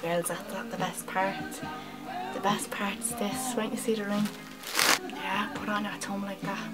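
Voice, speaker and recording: A woman playing a brash young Dublin woman with a Dublin accent, telling a loud, sweary story to her friends in a comedy monologue. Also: medium pitch, steady tone, measured pace, over loud music, close to an everyday voice, low-quality recording. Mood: gushing.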